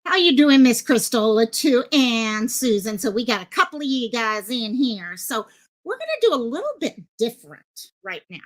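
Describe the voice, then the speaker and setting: Speaking into a headset mic at her desk in a Hawaii home streaming setup, a woman chats with her live-stream viewers and calls them by name. Her voice is on the high side and sing-song, at normal speed, and her talk is rambling and packed with fillers.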